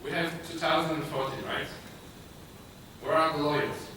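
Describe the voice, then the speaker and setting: A man with a Polish accent giving a conference talk, speaking haltingly with many filler sounds and restarts. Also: a little high, level tone, sharp tone. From Poland. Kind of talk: conference presentation. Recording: echoey hall, distant mic, noisy.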